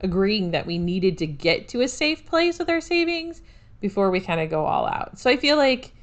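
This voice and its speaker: A woman's voice: medium pitch, big pitch swings, moderate pace. A woman co-hosting a podcast in casual chat, chatty and self-deprecating with sarcastic asides. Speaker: podcast co-host.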